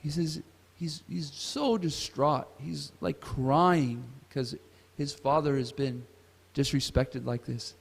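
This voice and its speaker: A man's voice: on the high side, slow pace, gravelly, hardly any pauses, breathy edge. A man teaching a scripture class at a temple, retelling a story and asking the audience questions. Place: temple hall. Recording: reverberant temple hall.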